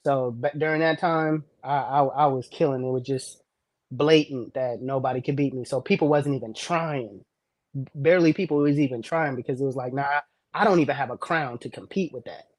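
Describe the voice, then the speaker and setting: A man's voice: mid-range voice, normal speed, darkish tone, no echo, studio quality. A man, a regular on a casual talk stream, trash-talking with brash confidence and repeating his lines for emphasis. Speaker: hair brushing competitor and show regular. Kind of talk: boastful casual chat.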